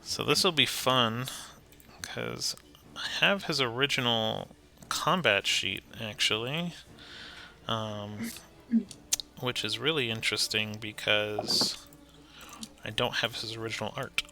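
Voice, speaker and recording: A man's voice: medium pitch, vocal fry, pushed and bright. A man acting as game master of a tabletop game stream, talking casually and laughing between rulings. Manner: casual, laughing, quick asides.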